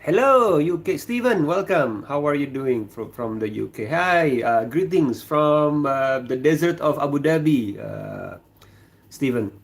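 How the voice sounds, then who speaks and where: A man's voice: fairly high pitch, lively intonation, unhurried, vocal fry. Man chatting on a livestream. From Indonesia. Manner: rambling, many fillers and restarts. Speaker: livestream host. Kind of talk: casual livestream chat. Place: indoors, kitchen.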